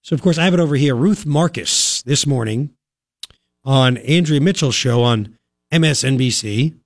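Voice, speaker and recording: A man's voice: mid-range voice, moderate pace, no echo, clean studio sound. A man hosting a talk radio show, giving emphatic, argumentative commentary straight to the listener.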